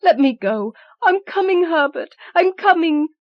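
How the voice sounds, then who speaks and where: A woman's voice: extremely high pitch, animated, measured pace, no echo, dull audio, pitched above the performer's own voice. A woman voicing a frantic old mother, screaming. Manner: screaming, desperate pleading. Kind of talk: audiobook character voice.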